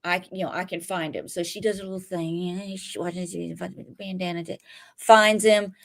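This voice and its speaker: A woman co-hosting a podcast, retelling a TV episode in a rambling, profane, animated way. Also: lowish voice, normal speed. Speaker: podcast co-host. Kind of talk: casual TV recap chat.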